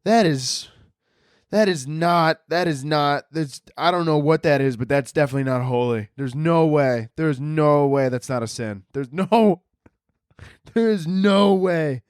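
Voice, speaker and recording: A young man with a clear, resonant voice on the high side hosts a podcast, rambling a little slowly through a comic monologue. He swears often and laughs at his own jokes, and the recording is dry with clean studio sound.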